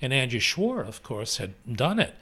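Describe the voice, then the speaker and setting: An older man, a stage actor, telling backstage stories as a guest in a casual chat, animated and frank with a salty edge. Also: medium pitch, normal speed, slightly rough.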